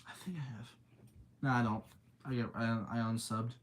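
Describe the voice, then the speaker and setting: A man's voice: mid-range voice, steady tone, normal speed. A young man rambling through a casual spooky story on a livestream, reading chat aloud between thoughts. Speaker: streamer.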